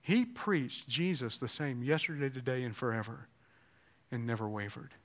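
A pastor preaching a sermon, swinging between loud exclamations and hushed, tender passages. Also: male voice, medium pitch, moderate pace. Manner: swings from shouting to hushed tones.

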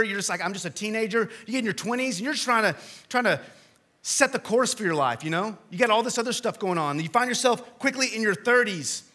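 In a church, a man in his thirties with a high voice preaches as pastor. His sermon is casual and built on stories, shifting from forceful, loud points to hushed side remarks.

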